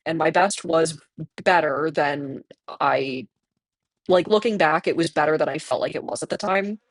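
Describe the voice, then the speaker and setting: Hoarse, gravelly streamer in their twenties. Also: medium pitch, normal speed, dry recording. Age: 20s. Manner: candid, chatty, laughs often, answers chat directly. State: hoarse from tonsillitis. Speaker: livestreamer reading chat. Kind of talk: casual chat while streaming a game.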